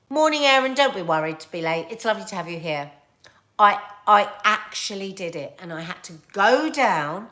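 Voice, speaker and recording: A middle-aged woman with a British accent, hosting a casual livestream chat and telling stories in an animated, chatty way. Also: mid-range voice, normal speed. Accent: British English. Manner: animated, chatty storytelling with laughs and asides. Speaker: livestream host reading viewer comments.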